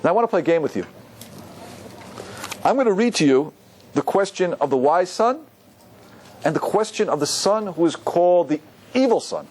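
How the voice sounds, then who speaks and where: A rabbi giving a lively Torah class to an audience, often asking them questions. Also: male voice, high voice, moderate pace, pauses often, slight background noise. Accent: Ashkenazi Hebrew pronunciation.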